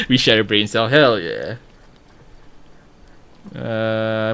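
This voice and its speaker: A man with a low voice streams a game and chats casually to himself. He hums and cracks jokes, and his pitch swings widely. The tone stays loose and easygoing. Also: huge pitch swings, very slow, long pauses, bright, forceful tone, clean tone. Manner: talks to himself, hums and jokes while playing. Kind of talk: casual gameplay commentary.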